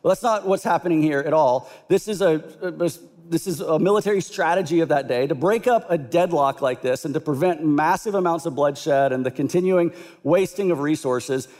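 Animated preacher man, higher voice. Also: normal speed, long reverb tail. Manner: animated storytelling, conversational. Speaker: pastor. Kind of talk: sermon.

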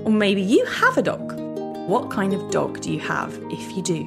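A woman hosting a children's podcast, reading a script in an animated way and often asking her young listeners questions. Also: medium pitch, moderate pace, vocal fry, music in the background.

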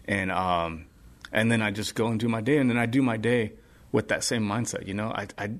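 A man's voice: on the low side, fairly even intonation, brisk. A man as a podcast guest, sharing earnestly in a casual, rambling way full of fillers. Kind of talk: casual testimony chat.

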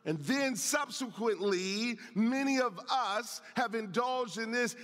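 A man's voice: extremely high pitch, slow pace. A man preaching a sermon as pastor, calling out to the congregation and reading scripture. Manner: animated preaching, calls out to the congregation; reads and comments on scripture. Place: church sanctuary. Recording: long reverb of a large hall.

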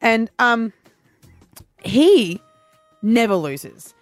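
A woman's voice: a little high, very animated, no echo. A woman hosts a radio show, chatting in a loose, giggly way. The sound is dry and close. A faint bed of music sits underneath. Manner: giggly, storytelling, quick asides. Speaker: radio host. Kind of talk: casual on-air banter.

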